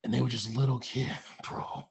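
Gravelly excitable man, casual show chat. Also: mid-range voice, moderate pace. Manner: excitable, swears, acts out quotes. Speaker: podcast co-host.

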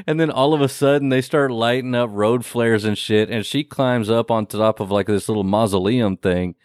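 A man co-hosting a casual podcast, recapping a horror movie with lots of swearing and quick acted-out lines. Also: mid-range voice, no echo, clean studio sound. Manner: profane, animated, acts out movie characters in quick bursts. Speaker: podcast co-host.

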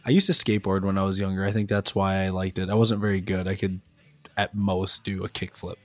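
A young man co-hosting a podcast, easygoing and quick to laugh. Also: sits low, little pitch movement, no room sound, soft background music. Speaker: podcast co-host. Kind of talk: casual chat.

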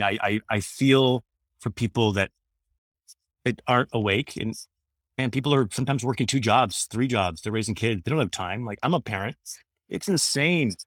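A man's voice: on the low side, a bit bright, dry recording, clean studio sound. A man in his thirties talking casually as a guest, earnest and rambling, often restarting his sentences. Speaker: guest, former radio host. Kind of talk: casual conversation.

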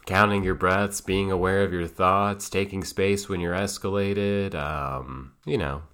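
A man who works as a child play therapist, speaking in a calm, measured, thoughtful way. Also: low voice, smooth. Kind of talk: reflective solo talk.

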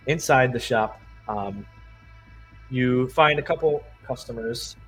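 A man narrating as game master, describing scenes in a relaxed way with frequent pauses and fillers. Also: medium pitch, soft background music, poor audio.

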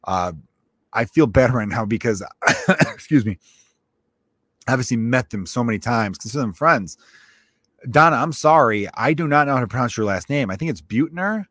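A man's voice: medium pitch, lively intonation, moderate pace, pauses often, fairly bright tone, no room sound. Young comedian guy rambling on his podcast, swears a lot, trips over his words, dead dry sound right on the mic. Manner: loose, rambling and profane, with frequent restarts. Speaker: stand-up comedian. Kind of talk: casual solo podcast monologue.

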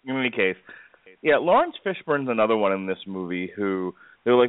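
A man hosting a casual film discussion podcast, talking in a halting way with lots of fillers. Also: medium pitch, very animated, dry recording. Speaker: podcast host. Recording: tinny phone-like line, dry.

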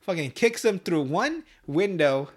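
A man's voice: high-pitched, a little slow. A man hosting a podcast, retelling a cartoon episode in casual chat, swearing freely and laughing as he goes, speaking right into a close microphone. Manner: animated storytelling, swears often, laughs a lot. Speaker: podcast host. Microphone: close mic, breathing into it.

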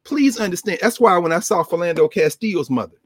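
Male scholar, co-host, impassioned teaching cadence, slightly higher pitch, dry close sound. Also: quick pace, no echo. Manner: animated, rhythmic, emphatic repetition. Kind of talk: impassioned lecture-style talk.

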